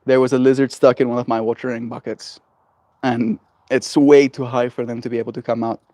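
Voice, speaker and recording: Gentle rambling male streamer. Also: mid-range voice, dry recording. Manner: rambling and gentle, heavy on fillers. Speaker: livestreamer. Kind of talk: casual chat with viewers. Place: outdoors on a porch.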